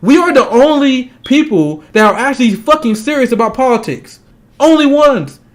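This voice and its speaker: The political commentator's voice is very high with big pitch swings as he tears through a heated, profane rant. He is agitated, angry and fast, laughing scornfully mid-sentence between points.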